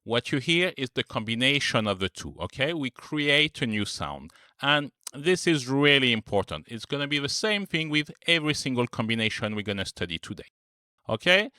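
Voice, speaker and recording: A man teaching a pronunciation lesson, patiently repeating each example word slowly and clearly. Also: mid-range voice, big pitch swings, bright, forceful tone, dry recording, studio quality. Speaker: French teacher.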